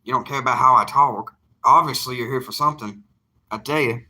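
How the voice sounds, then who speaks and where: A young man speaks in a thick Southern drawl, talking straight to his viewers in a casual vlog. His voice is intensely bright and forceful, and he hammers his points home with folksy repetition. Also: mid-range voice, a little fast. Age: young adult. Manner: emphatic, folksy, repeats himself for emphasis. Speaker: evangelist vlogger.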